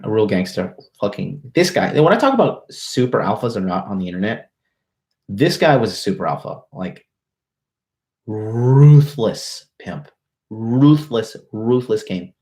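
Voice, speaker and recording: This is a dating coach on a livestream, addressing viewers head-on as he spins a story with casual bravado. Brash slang and swearing run all through his talk, delivered in a fairly low, darkish-toned voice.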